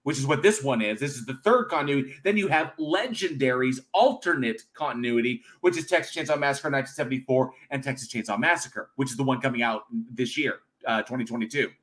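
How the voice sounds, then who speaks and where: A man's voice: medium pitch, fast talker, few pauses. A man co-hosting a horror podcast, talking casually and animatedly, laughing often. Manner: animated, laughs a lot, mocks with put-on quotes. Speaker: podcast co-host. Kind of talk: casual chat.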